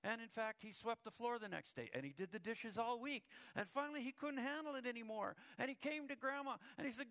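A man's voice: extremely high pitch, fairly quick, hardly any pauses, a bit bright. A male pastor preaching a sermon, telling a story and often repeating words as he starts a thought.

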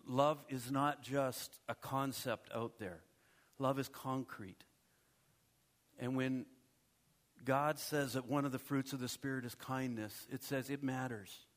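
Speaking at a medium pitch, this middle-aged man delivers his sermon in a chatty style. He drops in asides and makes brief check-ins with the people in the pews.

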